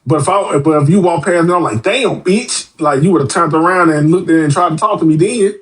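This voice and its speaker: A man's voice: a little high, fast talker. A man, a podcast guest, talking bluntly and profanely in casual chat and acting out the voices of people in his stories. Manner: blunt, profane, animated storytelling; acts out quoted voices.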